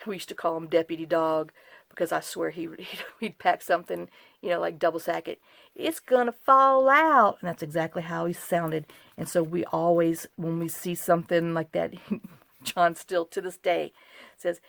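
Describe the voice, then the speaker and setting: A woman's voice: on the low side, little pitch movement, normal speed, vocal fry, a little mellow, no echo. A woman, rambling and apologizing as she shows off a craft journaling project in a casual tutorial vlog, wired on too much caffeine. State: overcaffeinated. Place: home craft desk.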